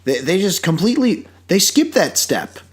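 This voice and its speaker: A man's voice: high voice, very animated, normal speed, slightly rough. A man co-hosting a casual movie review podcast, sarcastic and swearing freely, acting out characters in quoted voices. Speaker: podcast co-host.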